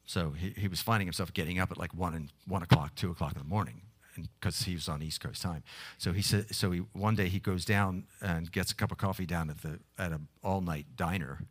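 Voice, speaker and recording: A man preaching a sermon, telling a story with many halting restarts, then leading a prayer. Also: low voice, slightly rough.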